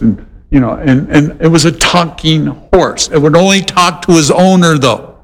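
A man preaching a sermon, animated and conversational, with playful voiced asides. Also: on the high side, moderate pace, big-room sound. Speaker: pastor.

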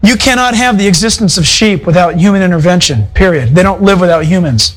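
High-voiced man preaching a folksy sermon. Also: lively intonation, a little fast, rough recording. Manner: conversational, folksy preaching with asides. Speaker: pastor. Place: church fellowship hall.

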